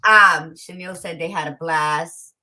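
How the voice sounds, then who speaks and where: A woman co-hosting a casual morning chat from home, lively and switching between English and Spanish, laughing often. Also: low-pitched, measured pace. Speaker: co-host. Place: home, by a window.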